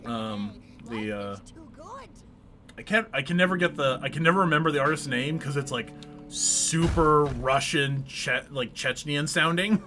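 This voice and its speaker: A man's voice: medium pitch, unhurried, bright, forceful tone, soft background music. A man co-hosting a casual live stream, rambling with many fillers and restarts and reading chat comments aloud. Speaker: streamer co-host.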